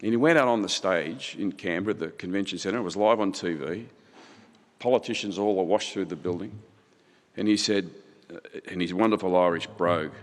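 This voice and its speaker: A man's voice: low-pitched, fairly quick. A middle-aged man giving an impassioned conference keynote, building his points through rhetorical repetition. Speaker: keynote speaker. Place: large conference hall. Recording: hall reverb.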